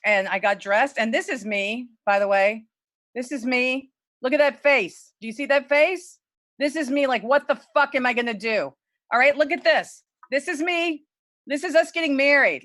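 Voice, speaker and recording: A middle-aged woman from Louisiana telling a true personal story at a story slam over a video call, candid and swearing freely, her voice leaping high when she quotes herself. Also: fairly bright tone, dry recording. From Lafayette, Louisiana. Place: home, virtual event.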